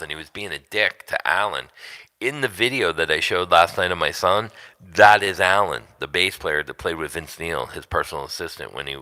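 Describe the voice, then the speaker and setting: A man's voice: low-pitched, pushed and bright. A middle-aged man hosting a casual livestream from home, telling rambling, profane stories and laughing often. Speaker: livestream host.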